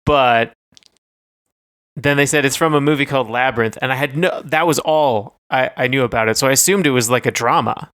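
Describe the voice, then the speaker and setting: A man's voice: mid-range voice, fairly quick, fairly bright tone, clean tone, dry recording, clean studio sound. A man co-hosting a podcast, chatting casually and telling stories in a rambling, hesitant way full of fillers. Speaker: podcast co-host. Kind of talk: casual chat.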